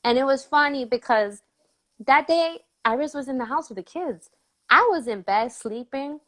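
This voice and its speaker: A woman's voice: high-pitched, normal speed, low-quality recording. A woman guest telling a family story in a casual interview, acting out other people's voices as she goes. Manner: animated storyteller, acts out quoted voices.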